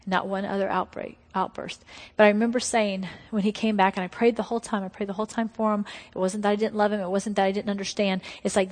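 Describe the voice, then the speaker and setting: A middle-aged woman preaching a testimony sermon. She tells her story emphatically, sometimes dropping to hushed tones. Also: mid-range voice, flat delivery, fast talker. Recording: long hall reverb.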